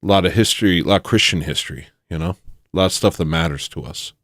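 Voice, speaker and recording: Very low-voiced man joking in bursts. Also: fast talker, no room sound, clean studio sound. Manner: joking, rambling, loud sudden bursts. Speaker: commentary host. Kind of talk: satirical commentary.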